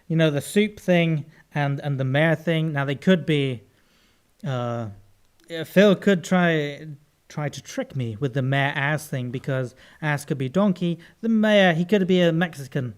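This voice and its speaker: A man co-hosting a casual comedy podcast, rambling and hesitant as he overthinks his guesses out loud. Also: on the high side, measured pace, clear, resonant tone. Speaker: podcast co-host, guessing player. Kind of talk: casual banter.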